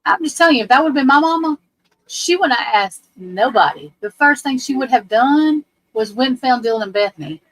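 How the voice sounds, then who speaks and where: This is a woman talking on a livestream. Her voice sits a little high, and she rants bluntly and swears freely. She keeps hammering questions about a court case at her viewers. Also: lively intonation, a little fast, a bit bright, poor audio. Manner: blunt, profane, ranting. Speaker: livestream host. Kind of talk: casual livestream commentary.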